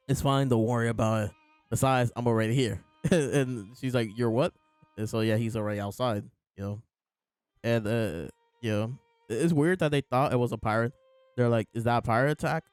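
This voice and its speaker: A podcast host reviews a manga chapter in a laid-back, rambling chat peppered with fillers and chuckles. His voice is mid-range, a little mellow and clean, with no room sound.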